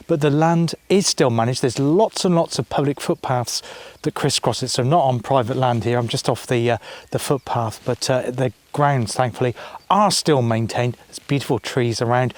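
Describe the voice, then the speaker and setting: A man's voice: mid-range voice, no room sound. Chatty man vlogging outdoors, dry sound. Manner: rambling, self-correcting, chatty. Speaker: travel vlogger. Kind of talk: casual vlog narration. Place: outdoors by a quiet lake.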